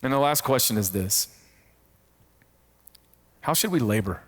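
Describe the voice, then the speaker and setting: A man's voice: mid-range voice, animated, a little slow, slightly rough. A man giving a teaching talk on faith and work, repeating key phrases for emphasis and often restarting his sentences.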